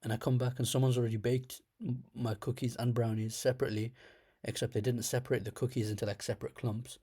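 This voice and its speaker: In a warm, fairly low voice with a breathy edge, a young storyteller host with a slight lisp spins a rambling, comic account of his dreams. He keeps it casual and laughs at himself occasionally.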